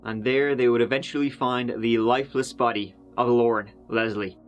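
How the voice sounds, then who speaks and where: A man narrates a true crime case in a relaxed, conversational voice-over. He wanders into fillers and dry asides but keeps the story moving, sounding like someone talking rather than reading. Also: medium pitch, normal speed, soft background music.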